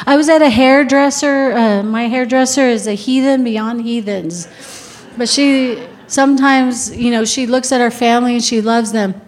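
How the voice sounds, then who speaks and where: A woman's voice: fairly high pitch, moderate pace. A middle-aged woman giving a sermon to a women's group, switching between emphatic exhortation and chatty storytelling with laughs. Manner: emphatic, rising to near-shouts on exhortations. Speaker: women's ministry speaker.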